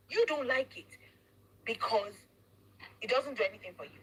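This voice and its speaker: Talk host, woman; firm, lecturing delivery with a bright, husky edge. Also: fairly high pitch, lively intonation, fairly quick, low-quality recording. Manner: emphatic, preachy, mixes in Yoruba phrases. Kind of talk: casual commentary chat.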